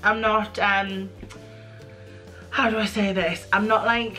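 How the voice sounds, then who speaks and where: A woman's voice: medium pitch, level tone, slow pace, bright, forceful tone, faint music behind. A young British woman telling a candid, self-mocking story in a casual chat. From United Kingdom. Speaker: guest.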